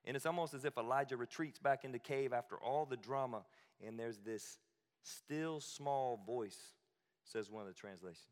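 A man's voice: medium pitch, moderate pace, in a large hall. A male pastor preaching a sermon in a conversational, emphatic way, with asides and repeated phrases.

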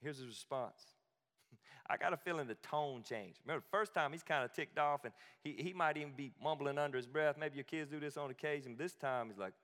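Man, pastor, sermon, conversational, emphatic, slightly high voice, long hall reverb. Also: a little fast, a bit bright. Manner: conversational, emphatic, with asides and repetitions.

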